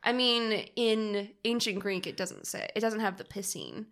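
A woman's voice: medium pitch, normal speed, fairly bright tone. A young woman co-hosting a casual podcast chat, explaining at length and laughing often. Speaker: podcast co-host.

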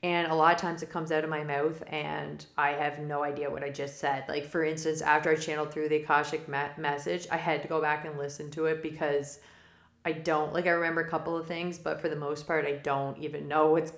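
A woman with a low-sitting voice and flat delivery speaks fairly quickly while hosting a spiritual forecast podcast. It's a casual, rambling monologue full of digressions and laughter mid-sentence, recorded with roomy echo.

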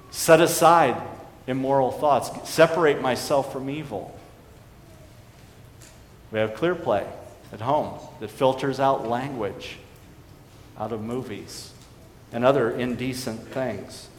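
A man preaching a sermon as a pastor, earnest and emphatic, dropping to a hushed tone on solemn points. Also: medium pitch. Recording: echoey hall reverb with faint background noise.

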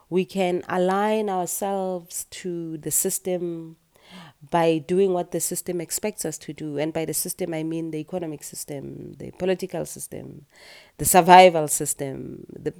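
A woman hosting her own podcast, speaking earnestly in a groggy morning voice, with halting restarts and repeated phrases. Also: lowish voice, vocal fry, warm tone. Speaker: podcast host and retreat teacher. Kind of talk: reflective solo podcast monologue.

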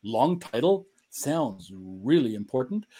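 A man's voice: medium pitch, big pitch swings, takes it slowly, dark tone, husky. A man from Germany with a German accent tinged by the US Upper Midwest and Southeast, chatting casually as an interview guest with playful, dry joking. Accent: German, with US Upper Midwest and Southeast traces. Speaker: guest, cultural coach.

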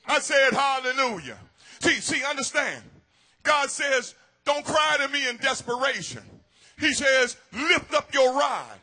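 High-pitched, bright-voiced preacher man. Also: lively intonation, measured pace. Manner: preaches with shouted peaks and repeated words. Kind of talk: sermon.

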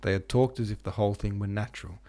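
Reading aloud from a classic novel for an audiobook, this narrator, who also hosts a podcast, has a very deep voice. He keeps his pace steady and measured from start to finish.

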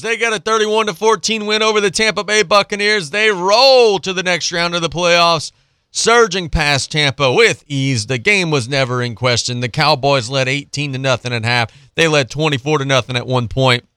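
Sarcastic male sports show host, crisp voice, casual rant. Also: mid-range voice, pushed and bright, no room sound, clean studio sound. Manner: sarcastic, ranting.

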